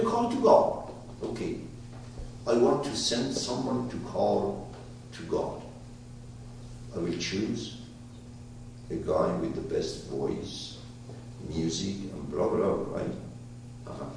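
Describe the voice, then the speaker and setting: Animated man storytelling in an echoey hall. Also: medium pitch, creaky, slight background noise. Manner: animated storyteller, questions the listeners. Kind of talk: storytelling talk to a live group. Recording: roomy hall, voice from far off.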